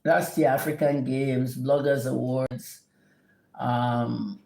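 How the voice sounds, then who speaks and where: A woman's voice: rumbling low, steady tone, slow pace, vocal fry, dark tone. A middle-aged woman from Nigeria, hosting a livestream and scolding her viewers in a combative, profane manner. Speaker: livestream host answering viewers. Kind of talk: livestream rant and Q&A.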